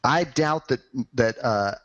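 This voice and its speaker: A man co-hosting a podcast, chatting casually about tech in a halting, hesitant way. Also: medium pitch, fairly bright tone, muffled recording. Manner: halting, hesitant, many uhs. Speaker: podcast co-host.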